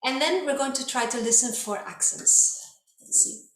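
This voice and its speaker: A woman's voice: sits high, lively intonation, normal speed. A woman teaching a dance workshop, encouraging her students and calling out drum sounds along to the music. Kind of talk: online dance workshop instruction. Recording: echoey room with loud music. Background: loud music playing.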